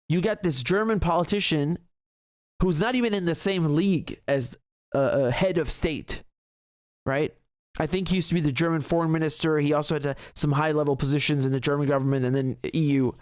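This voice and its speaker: A fairly high-voiced man hosts a live commentary stream, reacting to a clip with emphatic indignation. His voice is recorded dry and close, with no room sound, and he swears freely as he builds his point. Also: dry recording. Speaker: political commentary host.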